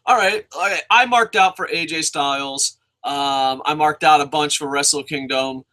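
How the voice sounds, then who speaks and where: A man hosting a casual wrestling show review, excitable and profane, rambling with restarts and bursting into shouts. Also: on the high side, normal speed.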